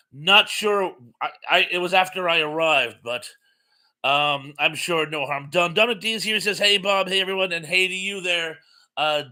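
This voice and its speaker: Bright-voiced man hosting a live chat. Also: sits high. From Massachusetts. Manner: chatty, chuckling, reads out chat messages. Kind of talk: casual live-stream chat reading viewer comments.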